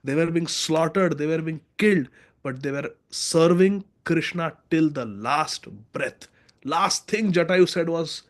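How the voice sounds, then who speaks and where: A man's voice: a little high, expressive, measured pace. A man teaching a devotional scripture class, telling stories and acting out the quoted lines.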